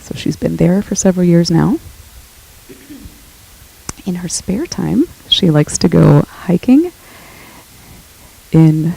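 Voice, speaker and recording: A man hosts a lecture series and introduces the guest in a formal, prepared way. His voice sits a little high, dark in tone, with gravel and a husky edge. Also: expressive, slow pace, pauses often, poor audio. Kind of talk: speaker introduction.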